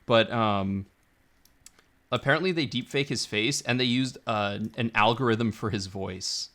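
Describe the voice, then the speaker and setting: A man's voice: mid-range voice, a little slow, pushed and bright. A man co-hosting a podcast, chatting enthusiastically with frequent restarts. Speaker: podcast co-host. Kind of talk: casual chat.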